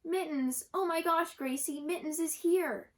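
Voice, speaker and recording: A woman voicing an excitable young girl on an adventure in a children's story. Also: very high-pitched, a little slow, voice pushed up. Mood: excited.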